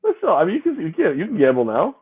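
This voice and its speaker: A man's voice: high voice, wildly swooping pitch, fast talker, husky. A man co-hosting a casual sports podcast, rambling and repeating his words in a self-mocking way. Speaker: co-host. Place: home, separate location due to snow. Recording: tinny phone-like line.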